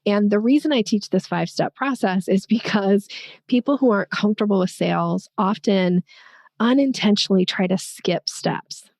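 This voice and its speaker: A woman talks through a sales method step by step in a lively, conversational way. Her voice has a gravelly, fry-touched edge. The recording is dry and close, with no room sound. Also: medium pitch, normal speed, no echo. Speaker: sales coach and podcast guest.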